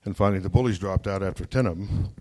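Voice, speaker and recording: Storytelling speaker from Wyoming, folksy and humorous, low warm voice. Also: male voice, fast talker, a little hiss or hum. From Wyoming, United States. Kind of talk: storytelling talk to an audience.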